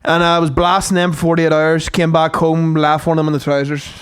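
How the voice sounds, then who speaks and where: Northern Irish man, podcast co-host, casual chat, rambling anecdotes, salty language, slightly high voice. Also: level tone, a little fast, clear, resonant tone. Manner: rambling anecdotes, heavy swearing.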